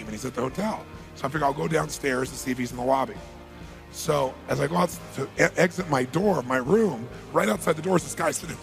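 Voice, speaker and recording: Speaking emphatically at a seminar, this motivational speaker has a slightly high voice with vocal fry. He tells a story, repeating key phrases to give them weight.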